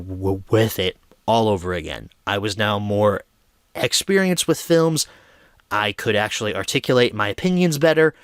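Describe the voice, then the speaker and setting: A man's voice: fairly low pitch, a bit bright, dry recording, studio quality. A young man hosting a film review show, telling stories in a chatty, self-deprecating way. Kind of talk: casual film review monologue.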